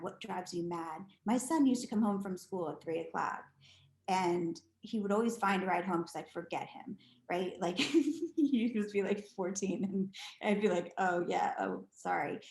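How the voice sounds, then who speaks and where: A middle-aged woman telling stories as a podcast guest, animated and chatty with lots of restarts. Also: mid-range voice. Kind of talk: casual storytelling interview. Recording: echoey room.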